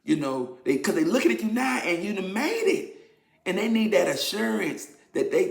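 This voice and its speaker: A man talking candidly to his viewers about a personal struggle, emotional and shifting from quiet to animated. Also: sits high, normal speed, creaky. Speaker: vlogger sharing his testimony. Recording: roomy echo.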